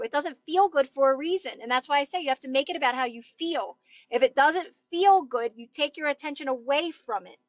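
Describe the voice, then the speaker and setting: High-voiced encouraging woman live-streaming. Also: fairly bright tone, dry recording, dull audio. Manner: encouraging, chatty, often asks "right?". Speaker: manifestation coach streaming live. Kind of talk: casual live-stream motivational chat. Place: parked car.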